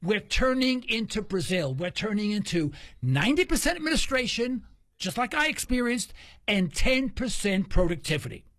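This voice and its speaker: A man's voice: sits high, moderate pace, no echo. A man hosting a talk radio show, telling stories casually and acting out the voices of the people in them. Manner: animated storyteller, acts out quoted dialogue.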